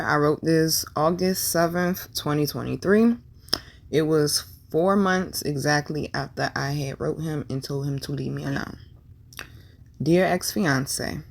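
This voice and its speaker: A young woman vlogger telling a painful personal story candidly, with slang and swearing, and repeating lines for emphasis. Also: low voice. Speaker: tarot and numerology vlogger.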